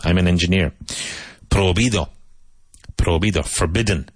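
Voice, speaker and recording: A man from Ireland, teaching a vocabulary lesson and repeating each word slowly and clearly. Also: sits low, no echo. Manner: slow, emphatic repetition of each word. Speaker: English teacher.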